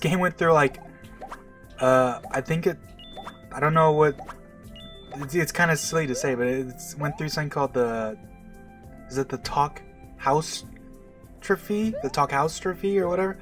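A man's voice: a little high, fairly bright tone. A young man from Canada giving casual, rambling commentary over a game, full of fillers and restarts. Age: young adult. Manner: rambling, self-deprecating, many fillers and restarts. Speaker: let's play gamer. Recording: distant mic with faint game music.

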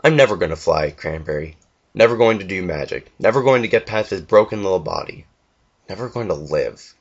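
A man's voice: low-pitched, animated, fairly quick. A man voicing a broken young pony stallion. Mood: despairing. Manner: quiet, strained and pleading. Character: young male pony, broken, wingless and anguished. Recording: dull lo-fi home recording.

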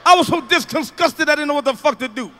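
A man doing a loud, profane stand-up comedy routine, telling stories with sudden shouts. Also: very high-pitched, a little fast.

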